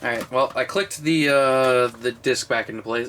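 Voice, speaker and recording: A man in his twenties chatting casually on camera about his movie collection, a little drunk and slurring, rambling and swearing with excitable bursts. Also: mid-range voice, moderate pace, a little hiss or hum. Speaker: collection vlogger. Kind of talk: casual unscripted video review.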